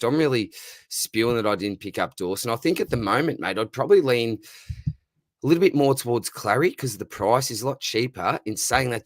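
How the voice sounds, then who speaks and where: A man's voice: medium pitch, dry recording, studio quality. A man with an Australian accent hosting a live Q&A, chatting casually and calling everyone mate. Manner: matey, says "mate" constantly, reads out viewer questions. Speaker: livestream host answering fantasy football questions.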